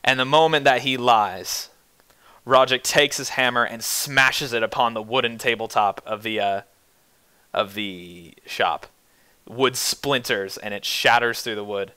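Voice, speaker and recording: A young man narrating as game master, animated with frequent restarts. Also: mid-range voice, unhurried, smooth, dry recording.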